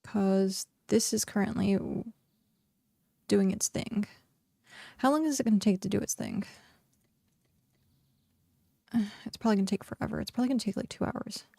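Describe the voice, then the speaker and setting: Gravelly, mellow-voiced woman streamer. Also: mid-range voice, fairly quick, long pauses, no room sound. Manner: chatty, filler-heavy, laughs often. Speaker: game streamer. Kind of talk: casual livestream chat.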